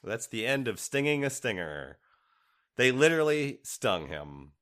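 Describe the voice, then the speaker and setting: A man's voice: mid-range voice, sing-song, a little slow, a bit bright. A man co-hosting a podcast, recapping an episode in casual chat, rambling and wry with many restarts. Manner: rambling, self-interrupting, wry. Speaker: podcast co-host.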